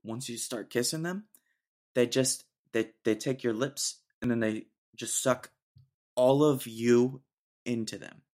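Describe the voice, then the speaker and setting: A man's voice: mid-range voice, unhurried, a little mellow. A young man hosting a casual solo podcast, ranting sarcastically and laughing often. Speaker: podcast host.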